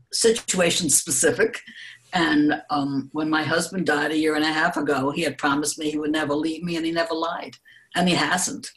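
Older woman telling gentle, reflective stories. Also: deep voice. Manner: gentle, reflective storytelling with soft laughs. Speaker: guest speaker. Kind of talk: recorded interview answers.

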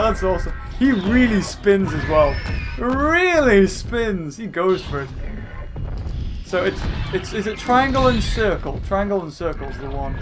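A man doing jokey gameplay commentary as a let's play host, excitable and often shouting at the screen. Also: high-pitched, a little slow. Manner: excitable and jokey, yelling at the game. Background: game music.

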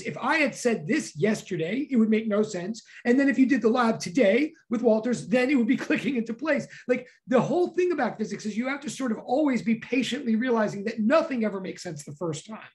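Excitable physics teacher lecturing loudly. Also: mid-range voice, normal speed. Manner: excitable, emphatic, says "like" a lot, loud bursts. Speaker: physics professor. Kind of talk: energetic classroom lecture.

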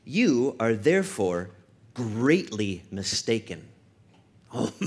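Emphatic male pastor preaching. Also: on the high side. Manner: emphatic, with slowed-down stressed phrases and repetition for effect; storytelling asides in a quick conversational tone. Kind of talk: sermon.

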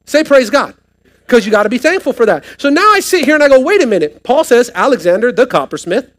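High-voiced preaching pastor. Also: male voice, sing-song, fast talker. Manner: preaching with rising emphasis, asking the congregation questions. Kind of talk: sermon. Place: church sanctuary, live service.

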